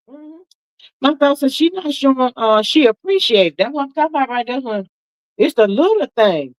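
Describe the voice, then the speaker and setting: Chatty woman in her sixties, higher pitch. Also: moderate pace, no room sound, rough recording. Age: 60s. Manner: chatty, drawling, sprinkles "child" and "honey"; lively, swoops high for emphasis. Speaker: livestream host. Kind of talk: casual gossip commentary.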